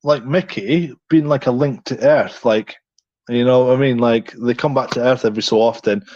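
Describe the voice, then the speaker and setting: A man's voice: medium pitch, normal speed, a little mellow, no room sound. Rambling man on a podcast. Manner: rambling, many restarts and "you know what I mean". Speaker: podcast co-host. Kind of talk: casual chat. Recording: dry, slightly dull sound.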